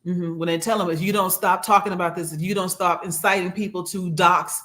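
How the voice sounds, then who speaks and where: Animated jokey male podcast co-host. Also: high voice, fairly quick. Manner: animated, jokey, gasps for effect. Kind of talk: casual political chat.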